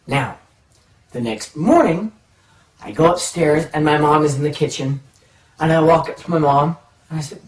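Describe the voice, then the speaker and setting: Male storyteller, animated and playful, slightly high voice, echoey room, set back from the mic. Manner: animated, drawn-out pauses, playful suspense. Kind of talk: personal anecdote storytelling. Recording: roomy, from a distance.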